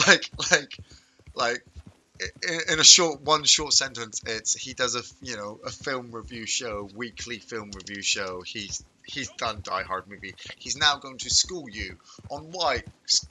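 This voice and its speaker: Man, very bright voice, casual game-stream chat, rambling anecdotes. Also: mid-range voice, measured pace, a little hiss or hum, poor audio. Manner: rambling, animated storytelling with chuckles. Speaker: streamer chatting with viewers while gaming.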